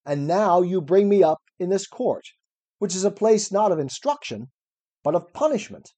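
A man's voice: high-pitched, big pitch swings, moderate pace, dark tone. A man reading aloud as an elderly male philosopher defending himself at trial, ironic and probing. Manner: cross-examining, probing, ironic. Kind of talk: reading a classic dialogue aloud.

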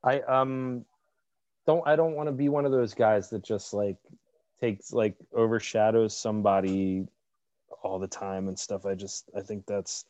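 A man's voice: lowish voice, fairly even intonation, a little slow, a little mellow, no room sound, lo-fi sound. A man co-hosting a casual podcast chat, laid-back and rambling with lots of fillers. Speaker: podcast co-host.

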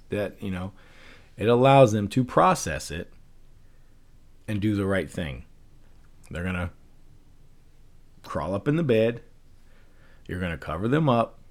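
A man hosting a casual solo podcast, speaking loosely with frequent fillers and rhetorical questions. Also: medium pitch. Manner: loose and conversational, many fillers, rhetorical "right?". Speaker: podcast host. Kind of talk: casual solo talk on persuasion and parenting.

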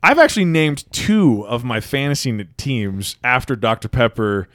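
A young man co-hosting a podcast in casual chat, animated, laughing often and swearing. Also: mid-range voice, normal speed, dry recording, studio quality. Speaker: podcast co-host.

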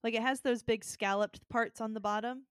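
A woman's voice: a little high, fairly even intonation, normal speed, clean tone, no echo, studio quality. A woman co-hosting a podcast, reacting playfully and laughing easily. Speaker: podcast co-host. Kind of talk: casual chat.

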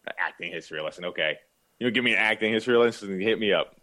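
A man's voice: fairly low pitch, rapid-fire, sharp tone. A younger man co-hosting a podcast, answering teasing in a hesitant, defensive way with stammered restarts. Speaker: podcast co-host. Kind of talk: casual banter.

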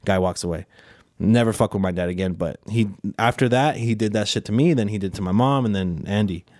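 A man's voice: on the low side, fairly quick, no echo, studio quality. Young man telling a profane story. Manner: swears freely, animated retelling of quarrels. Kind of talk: casual chat, storytelling.

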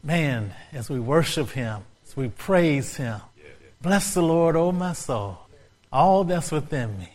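A man's voice: fairly high pitch, lively intonation, slow pace, darkish tone. A male pastor preaching a sermon, repeating phrases and building to fervent, rising exclamations.

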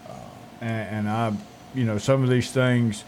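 Man, morning show sidekick, mid-pitch, easygoing, faint room noise. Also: flat delivery, a little slow. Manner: laid-back, short agreeing replies, quiet when earnest. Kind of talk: casual morning show chat.

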